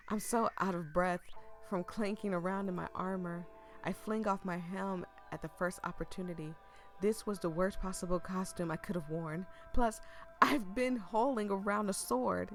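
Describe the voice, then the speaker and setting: A woman reading a story game aloud, breaking off into excited, chatty asides, and losing her voice. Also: medium pitch, moderate pace, faint music behind. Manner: excitable, chatty asides between read lines. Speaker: gaming streamer. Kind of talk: reading a visual novel aloud with live reactions.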